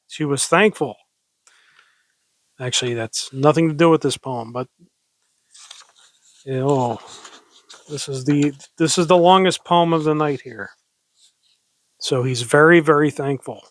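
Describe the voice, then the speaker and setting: A man casually reading public domain poetry, reciting slowly and dramatically and rambling between poems. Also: fairly high pitch, no echo. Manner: rambling, self-directing, chatty between poems; slow, dramatic recitation with mock pirate growls. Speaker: poetry reader.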